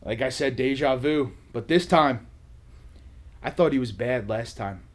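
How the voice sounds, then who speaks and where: A man hosting a vlog, telling a casual story in a sarcastic, animated way. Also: medium pitch, a little slow. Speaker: vlog host.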